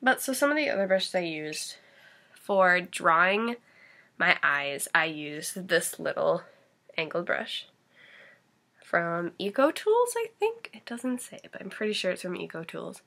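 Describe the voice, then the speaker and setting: A woman's voice: on the low side, expressive, a little slow, creaky, sharp tone. A young woman chatting casually through a makeup tutorial, rambling and giggly with lots of likes and ums, a bit sniffly. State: face-painted, sniffly and sneezing. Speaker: makeup vlogger.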